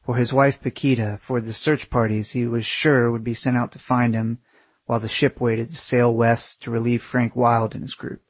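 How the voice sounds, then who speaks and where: A man's voice: mid-range voice, little pitch movement, normal speed, husky, dry recording. A man telling a story in a casual, conversational way, full of swearing and sarcastic asides.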